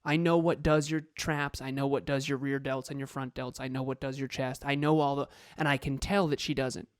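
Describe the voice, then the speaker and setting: A man's voice: mid-range voice, level tone, a little fast, clear, resonant tone, no room sound, clean studio sound. A man co-hosting a motivational podcast, talking emphatically and repeating words for stress. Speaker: podcast co-host and coach.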